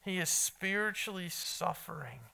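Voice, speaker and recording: Bright-voiced male pastor preaching earnestly. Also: high-pitched, normal speed, creaky. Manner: earnest preaching with emphatic repetition; talks directly to listeners in the room. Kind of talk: sermon.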